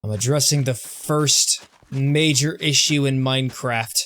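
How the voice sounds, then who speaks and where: A young man giving casual gameplay commentary as a streamer, self-mocking and often stumbling over his words in quick restarts. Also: medium pitch, steady tone, a bit bright. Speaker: gaming streamer.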